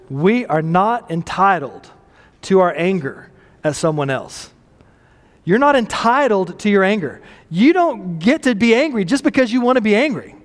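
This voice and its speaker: A man's voice: high voice, big pitch swings, a little slow. A man preaching a sermon in a conversational, self-deprecating way, often asking the congregation questions. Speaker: pastor. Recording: long hall reverb.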